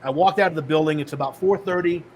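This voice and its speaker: Middle-aged guy on a podcast telling his story, acts out the dialogue, voice a bit high. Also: fast, a little hiss or hum, low-quality recording. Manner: animated storyteller acting out dialogue. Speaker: podcast guest, author and speaker.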